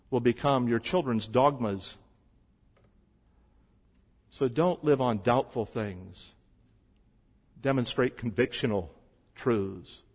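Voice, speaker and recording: A man preaching a sermon as a pastor, shifting between quiet stretches and loud emphasis. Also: a little high, long reverb tail.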